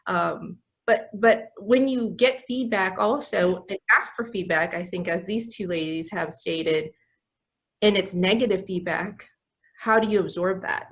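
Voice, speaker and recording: A woman speaking as a healthcare leader on a panel, direct and reflective. Her voice sits at a middle pitch, and she talks over a video call. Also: measured pace.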